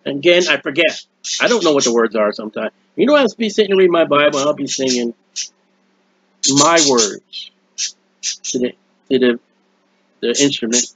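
A man preaching a sermon in an earnest, rambling way, with restarts and quiet asides, recorded at home. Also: medium pitch, animated, moderate pace, long pauses, slight background noise, rough recording. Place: at home, birds heard nearby.

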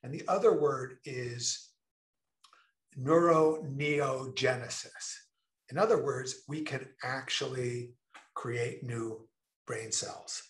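A man giving an enthusiastic online presentation, stressing key words slowly and deliberately. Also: mid-range voice, fairly bright tone, roomy sound.

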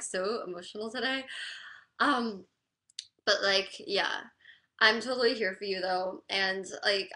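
A crying woman talking haltingly and apologetically on a live stream, full of "like" fillers. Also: mid-range voice, pushed and bright. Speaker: livestreamer reading chat.

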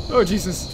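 A young man with a very high voice comments on a horror game he's playing, jumpy and swearing and screaming whenever something startles him. He hosts a gaming channel, and there's heavy background noise.

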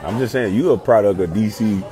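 A man's voice: on the low side, brisk, dark tone, a faint crowd. A man in his thirties, a former pro athlete, chatting casually in a playful way, full of slang, repeating himself and laughing as he talks. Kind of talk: casual chat.

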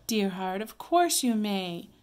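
Woman doing a soft tender mother. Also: medium pitch, big pitch swings, slow pace. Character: gentle loving mother.

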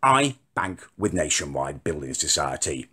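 A young man rants to camera at home in an indignant, self-important tone. His voice is forceful and a little husky, and his pitch swings widely from line to line. He sounds like a comic vlogger. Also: very animated, unhurried. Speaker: comedy vlogger. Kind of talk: ranting comic monologue to camera. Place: home, indoors.

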